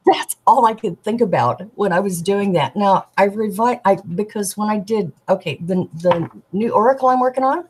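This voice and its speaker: A woman, a tarot deck artist, chatting as a guest and telling animated stories, acting out the people she quotes. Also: medium pitch, moderate pace, few pauses, slight background noise, low-quality recording. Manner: animated storyteller, giggly, acts out quoted voices. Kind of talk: casual storytelling chat.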